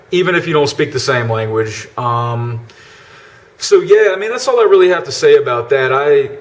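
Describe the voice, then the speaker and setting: Profane rambling male vlogger. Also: medium pitch. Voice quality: profane, loose, full of fillers and restarts. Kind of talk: casual rambling monologue. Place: living abroad in a Southeast Asian city.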